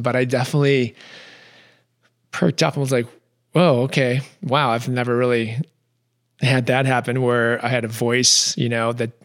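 A man's voice: mid-range voice, a bit bright. Earnest male podcast host telling a story. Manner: reflective, earnest, with frequent restarts. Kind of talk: personal storytelling.

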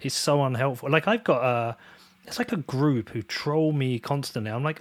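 A man's voice: medium pitch, animated, moderate pace, no echo. A man hosting a podcast, talking bluntly and swearing freely, and raising his voice when he quotes others. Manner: blunt and profane, quoting others in a raised voice. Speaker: podcast host. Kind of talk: casual conversation. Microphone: video call.

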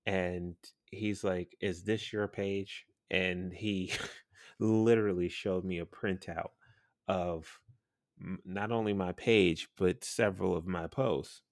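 A man's voice: low voice, steady tone, slow pace, dry recording, clean studio sound. A man hosting a podcast, telling a story in a blunt, profane, chatty way and laughing now and then. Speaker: podcast host and radio personality.

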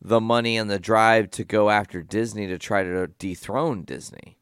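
A podcast co-host with a lowish, clear and resonant voice speaks at a moderate pace with fairly even intonation. He's laid-back in casual chat and swears freely. The clean studio sound has no room noise.

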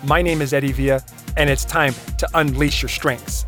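A man hosting a motivational podcast, talking in an energetic, emphatic, conversational way with lots of rhetorical questions. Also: mid-range voice, normal speed, over music. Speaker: podcast host.

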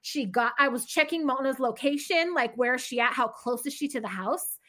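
A woman's voice: high-pitched, moderate pace, sharp tone. A woman, podcast co-host, tells a personal story in casual chat, candid and profane.

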